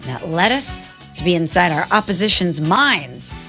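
A woman's voice: lowish voice, big pitch swings, measured pace, bright, forceful tone, faint music behind. A woman co-hosting a sports radio show, upbeat and confident, who also reads the show's sponsor spots. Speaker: sports talk co-host. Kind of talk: sports radio chat and live ad read.

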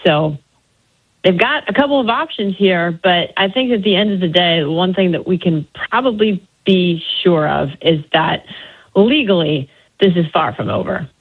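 A woman sports reporter calling in to a news show, explaining the story briskly. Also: on the low side, slightly rough. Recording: tinny phone line.

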